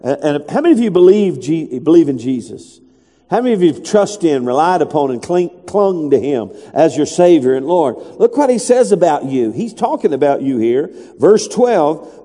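A man's voice: on the high side, sing-song, normal speed, mellow. A man preaching a sermon, reading scripture aloud in a conversational way and rising to emphatic calls to the congregation. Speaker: pastor. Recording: long reverb of a church hall.

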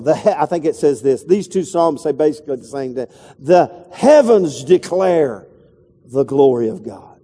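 A man's voice: a little high, warm tone, long reverb tail. A male pastor preaching a sermon in a loose, conversational way, with restarts and asides to the congregation.

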